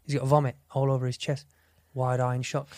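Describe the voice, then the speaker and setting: Mid-pitched man, wry podcast host, close dry mic. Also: level tone, fairly quick, a little mellow, no echo. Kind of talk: casual joke-telling chat.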